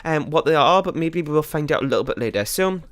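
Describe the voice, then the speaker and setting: A man giving casual gameplay commentary as a let's play host, rambling and chatty with many fillers and quick laughs. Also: fairly high pitch, lively intonation, fairly bright tone, clear, resonant tone, dry recording.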